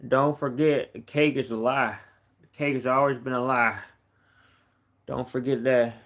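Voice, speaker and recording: A man's voice: mid-range voice, fairly even intonation, measured pace, fairly bright tone. A tired young man from Texas chatting casually on a late-night live stream, rambling and repeating himself.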